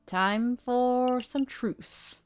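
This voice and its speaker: A woman's voice: a little high, extremely slow, faint music behind. Giggly woman commenting on a game. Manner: playful, giggly, lively asides. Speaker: let's play host. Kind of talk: casual gameplay commentary.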